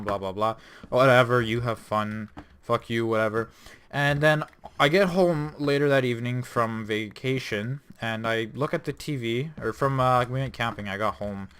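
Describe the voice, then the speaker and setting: A man's voice: mid-range voice, a bit bright, clean tone. A young man hosting a gaming channel, telling a rambling personal story with lots of swearing and self-corrections. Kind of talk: casual storytelling over gameplay.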